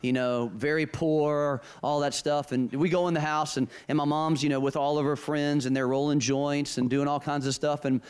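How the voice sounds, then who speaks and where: A man's voice: on the high side, level tone, moderate pace, hardly any pauses, smooth. A middle-aged man preaching a sermon, telling personal stories with emphasis and repeating key phrases.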